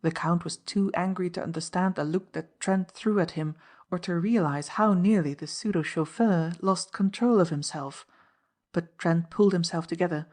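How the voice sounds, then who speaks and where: Low-voiced woman reading an audiobook. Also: a little mellow. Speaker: audiobook narrator. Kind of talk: scripted narration.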